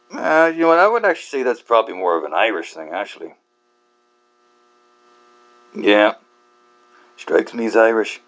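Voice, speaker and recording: A man who hosts a book channel rambles through a casual monologue in a lowish, slightly bright voice, halting often with fillers and restarts. He swears a lot and laughs at himself in a self-deprecating way.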